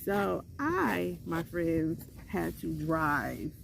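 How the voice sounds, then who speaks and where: A young adult woman telling a personal story in a chatty, animated way, slipping into other voices when she quotes people. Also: on the low side, extremely slow, vocal fry, slight background noise. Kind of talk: casual storytime monologue.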